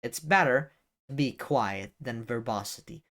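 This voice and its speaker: In a mid-range, slightly bright voice, a young man speaks a little slowly as he hands out advice to camera. The YouTuber's casual talk rambles, with many fillers and restarts plus the odd curse.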